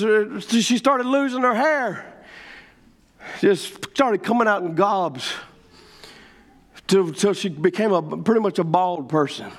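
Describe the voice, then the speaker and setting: Fervent high-voiced preacher man. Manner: fervent, shouting, rising to proclamations. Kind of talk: revival sermon.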